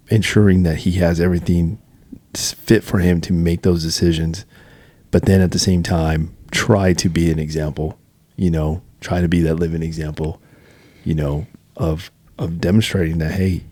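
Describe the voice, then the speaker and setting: A man's voice: low voice, mellow, dry recording. A man co-hosting a podcast, speaking earnestly in casual chat and leaning often on "you know". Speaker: podcast co-host.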